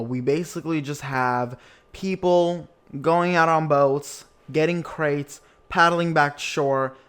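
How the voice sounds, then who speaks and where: A young man hosting a casual podcast, chatty and campy, who slips into put-on voices to quote people. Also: on the high side. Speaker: podcast host.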